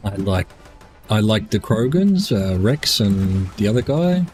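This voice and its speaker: A man's voice: on the low side, sing-song, measured pace, a little mellow, soft background music. A tired man streaming a game, rambling casually as he plays and muses over chat questions. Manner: rambling, musing aloud, answering chat questions. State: tired, yawning.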